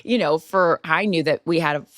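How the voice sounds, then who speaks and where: A woman's voice: sits low, moderate pace, fairly bright tone, no echo, clean studio sound. Effusive rambling woman co-host. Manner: effusive and rambling, with many restarts. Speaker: podcast co-host, sports broadcaster. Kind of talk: casual chat.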